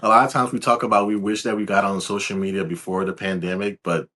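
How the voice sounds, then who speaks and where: A laid-back young man from Louisiana, answering interview questions as a guest in a calm, soft-spoken way. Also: on the low side, fast. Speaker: guest, videographer.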